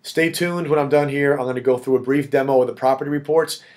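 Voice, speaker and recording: A man's voice: medium pitch, steady tone, fast, a little mellow. A man leading a real estate network, giving direct, emphatic coaching in a motivational video blog. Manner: direct, emphatic pep talk addressing the audience as "guys".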